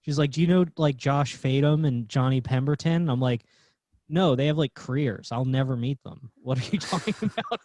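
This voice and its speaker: A man's voice: mid-range voice, moderate pace, darkish tone, dry recording. A man who is a stand-up comedian, a guest on a podcast over a remote call, telling wry, self-deprecating stories. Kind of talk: casual chat. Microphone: remote call mic.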